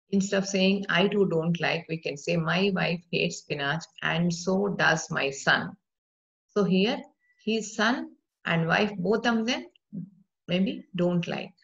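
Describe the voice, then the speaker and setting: A woman teaching a grammar lecture, explaining patiently and reading example sentences aloud slowly. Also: fairly low pitch, gravelly. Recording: dull lo-fi recording.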